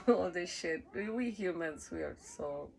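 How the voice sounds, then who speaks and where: A woman's voice: lowish voice, animated, unhurried, a little mellow, slight background noise, rough recording. A woman from Rica, telling a rambling story casually, laughing often and swearing freely. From Costa Rica. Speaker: cruise ship worker.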